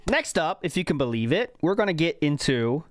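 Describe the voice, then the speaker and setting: Animated high-pitched male host, dry sound. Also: brisk, no echo. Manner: laughs often, bouncy and animated. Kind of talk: casual podcast chat.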